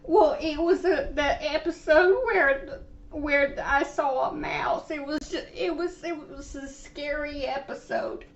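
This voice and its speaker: A timid, rambling elderly lady on the phone, put on by a woman. Her voice sits very high and crawls along slowly, full of halts and restarts. The line sounds dull and lo-fi. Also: fairly even intonation. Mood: tearful rambling. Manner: halting, stammering, rambling.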